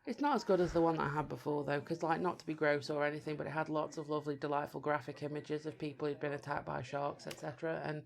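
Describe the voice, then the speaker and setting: A woman's voice: low-pitched, steady tone, fast talker, gravelly, hardly any pauses. A woman, chatting playfully and teasing during a film commentary. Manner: playful, teasing, self-deprecating. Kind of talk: casual chat.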